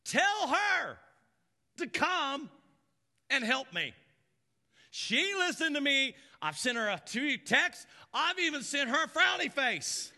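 Man doing a high, sharp-toned nagging woman for a sermon story. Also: big pitch swings, takes it slowly, in a large hall, full character voice. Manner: nagging, exasperated pleading. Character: whiny put-upon woman complaining.

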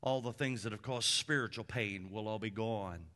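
A pastor preaches from the pulpit in a fairly low voice at a moderate pace. He uses emphatic repeated lists that swing between loud peaks and hushed drops.

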